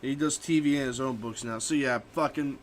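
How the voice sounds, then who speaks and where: A man's voice: medium pitch, fairly even intonation, fairly quick. A young man streaming a game and chatting casually, ranting and swearing freely about books he has read. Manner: profane, ranting. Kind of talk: casual gaming stream chat.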